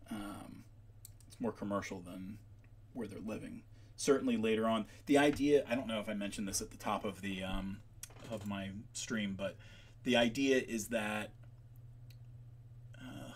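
Guy streaming and chatting loosely, kinda gravelly, lots of ums, wanders off topic, lowish voice. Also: slight background noise. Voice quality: gravelly at times. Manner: rambling, goes off on tangents with many ums. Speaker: livestream host making maps. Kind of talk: casual livestream chat.

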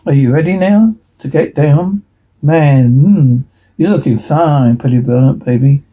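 A man reading a TV episode transcript aloud in a hurried way, stumbling and restarting words now and then. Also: a little high, dark tone, husky, low-quality recording. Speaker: reader.

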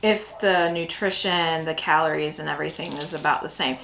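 A woman's voice: low-pitched, steady tone, normal speed, gravelly, fairly bright tone, a little hiss or hum, low-quality recording. A woman hosting a casual snack review, chatty and full of fillers as she thinks aloud. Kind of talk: casual food review chat.

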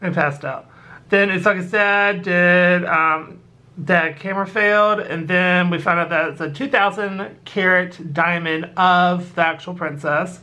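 A YouTuber casually recapping and reviewing an anime episode, halting often with fillers. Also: medium pitch, steady tone, sharp tone. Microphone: battery-powered recording device.

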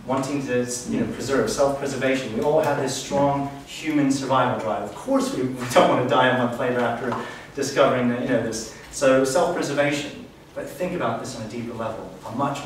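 Earnest man lecturing in an echoey room. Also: mid-range voice. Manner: earnest, reflective teaching tone. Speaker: spiritual workshop speaker. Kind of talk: live talk to an audience. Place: event room. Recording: echoey room, distant mic, faint hiss.

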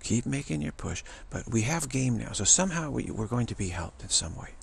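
Gravelly man rambling, spiritual talk. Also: medium pitch, very animated. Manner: rambling and repetitive, with halting restarts. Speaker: spiritual vlogger.

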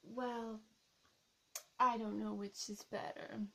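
A woman's voice: a little high, level tone, creaky, bright, forceful tone, exaggerated voice, low-quality recording. A woman voicing a seductive, scheming female plant villain in a whispered role-play, teasing and blowing kisses. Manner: teasing, flirty, blowing kisses, slow hypnotic coaxing. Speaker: YouTube role-play creator.

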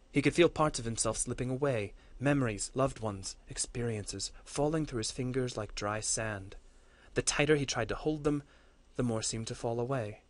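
Guy reading a fantasy story out loud, steady and earnest, mid pitch, trips on a word now and then. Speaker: course instructor.

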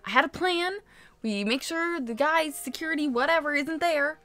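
A woman hosting a casual let's play, chatting excitably and exclaiming as she plays. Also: high voice, normal speed. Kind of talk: casual gameplay commentary. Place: home, in daytime.

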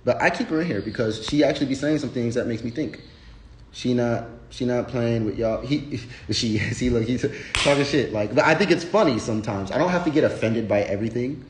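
Male streamer, blunt and profane, mid-pitched, rambling off the cuff in an echoey room. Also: a little fast, a little hiss or hum. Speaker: livestream host. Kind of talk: casual unscripted livestream rant. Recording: roomy echo.

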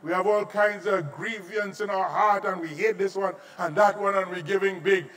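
A middle-aged man with a Trinidadian accent preaching a sermon as a visiting pastor, jumping from quiet asides to shouted lines. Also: sits high, moderate pace, far from the mic. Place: large auditorium.

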